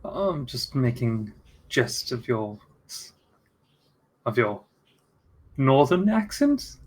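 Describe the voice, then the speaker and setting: A man's voice: mid-range voice, big pitch swings, drawn-out words, darkish tone. A man playing in a tabletop game, chatting casually with a dry, joking manner. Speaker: player. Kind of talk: casual chat.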